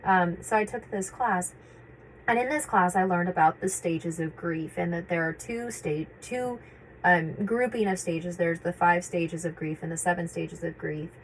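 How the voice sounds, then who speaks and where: A woman talking casually and reflectively to camera, often pausing on fillers and restarting her sentences. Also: fairly low pitch, a little hiss or hum, rough recording. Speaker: vlogger sharing personal experience. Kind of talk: casual personal talk.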